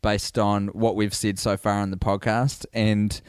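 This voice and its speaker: A man's voice: lowish voice, little pitch movement, measured pace, a little mellow, clean tone, no room sound, studio quality. A man co-hosting a podcast in casual chat, riffing playfully in long rambling runs. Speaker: podcast co-host.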